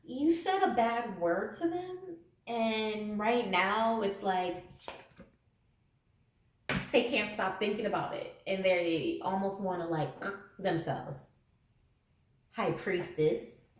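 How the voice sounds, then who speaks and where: A woman's voice: medium pitch, takes it slowly, long pauses, background noise. A woman giving a casual tarot reading to camera, sarcastic and laughing often. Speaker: tarot reader. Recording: echoey room, mic at a distance.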